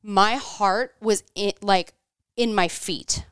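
A woman in her thirties tells a story on a podcast in an animated way, playing out each quoted line. Her voice is very smooth and crisp. The room is dry and close. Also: medium pitch, takes it slowly, no room sound. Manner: animated, acts out quoted dialogue. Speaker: podcast co-host. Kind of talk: casual storytelling chat.

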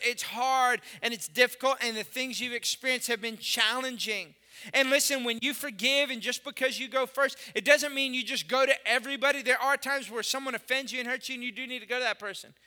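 Animated high-voiced male pastor preaching. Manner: animated storytelling, swings from loud to hushed. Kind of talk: sermon. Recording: hall reverb.

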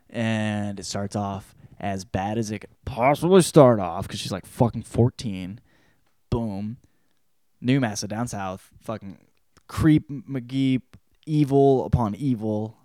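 A man hosting a podcast, giving a casual spoken book report in a profane, rambling way, breaking into loud quoted outbursts. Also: lowish voice, no echo, studio quality. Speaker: podcast host.

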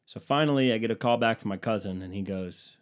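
A man's voice: on the low side, quick pace, clear, resonant tone. A man telling a comedic story in a casual, rambling way, sarcastic and full of swearing.

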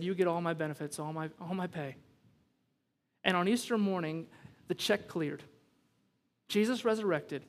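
High-voiced pastor preaching in a hall. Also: male voice. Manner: animated preaching with rising emphasis; conversational storytelling asides. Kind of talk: sermon.

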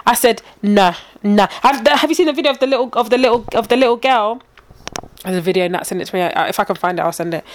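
A woman's voice: on the high side, fast talker. A woman animatedly telling a story in casual chat, acting out the scenes.

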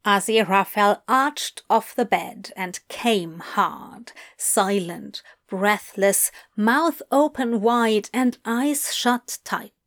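A woman narrating fan fiction in a soft, hushed, intimate reading voice. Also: medium pitch, takes it slowly, few pauses.

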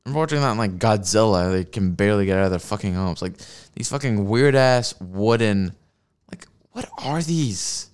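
Watching videos on stream, a man rants with heavy swearing and sarcasm, laughing at his own jokes. He speaks fairly quickly in a fairly low, clean-toned voice, through a desk streaming microphone with a mixer.

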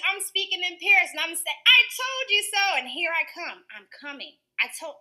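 Woman teacher in her thirties, high bright voice, earnest, laughs easily, interview answers. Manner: warm, earnest, laughs often.

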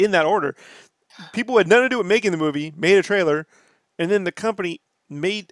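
A man's voice: high-pitched, fairly bright tone, no room sound. Profane ranting man, dry close mic. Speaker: podcast host. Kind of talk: casual podcast chat.

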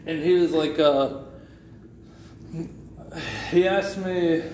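A man with a fairly high voice tells a story on a podcast, loose and full of swearing. He sounds animated and casual. The room is echoey, with a faint hiss behind. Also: drawn-out words. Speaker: podcast co-host.

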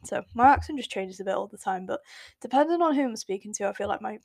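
An eighteen-year-old woman from England, with an English accent, chats casually on her solo podcast as its host. She rambles and corrects herself, full of fillers, in a fast, lively, mid-range voice that is gravelly and a little mellow. There is no room sound.

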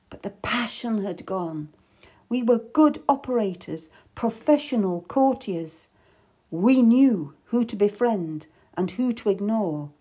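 A woman's voice: a little high, warm tone, husky, pitched above the performer's own voice, exaggerated voice. A woman voicing a worldly, tough middle-aged lady courtier who speaks wistfully and with sudden bitterness, for an audiobook. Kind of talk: audiobook character voice.

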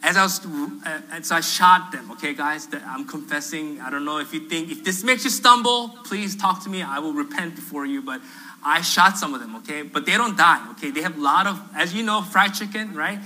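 Male pastor, fairly high, very bright and forceful tone, lively storyteller who acts out quotes with humor. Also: a little fast, low-quality recording. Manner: animated, acts out quoted voices, self-deprecating humor. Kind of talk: storytelling sermon. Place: church sanctuary.

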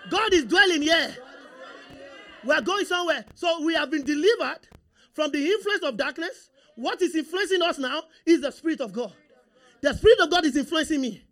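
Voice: high-pitched, moderate pace. A pastor preaching a sermon, repeating phrases and calling on the congregation to respond. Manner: animated, repetitive call-and-response preaching.

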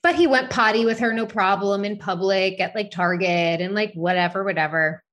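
A woman's voice: mid-range voice, normal speed, fairly bright tone. A woman in her thirties telling a personal story in casual podcast chat, candid, swearing freely and leaning on "like" fillers. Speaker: podcast co-host.

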